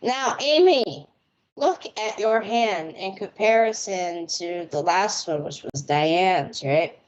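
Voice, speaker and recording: Slow, chatty American woman reading palms. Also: medium pitch, lively intonation, lo-fi sound. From United States. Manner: chatty, rambling, laughs often. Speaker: palm reader and tarot reader. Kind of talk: casual live-stream reading. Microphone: remote internet connection.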